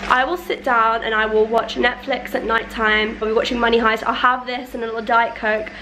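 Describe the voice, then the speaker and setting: A woman's voice: a little high, little pitch movement, a little fast, noisy background. A young woman in her twenties, chatting casually and playfully to the camera at home. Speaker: vlogger. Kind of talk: casual chat.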